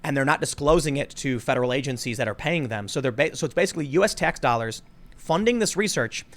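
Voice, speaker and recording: A man hosting a casual political podcast, talking fast and animated, sometimes mimicking voices for jokes, bothered by allergies. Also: mid-range voice. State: suffering from allergies. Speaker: podcast host.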